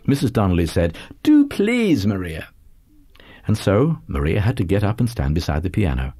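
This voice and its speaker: A man narrating a literary audiobook in a measured, lively reading. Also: low-pitched, slightly rough, no room sound, studio quality.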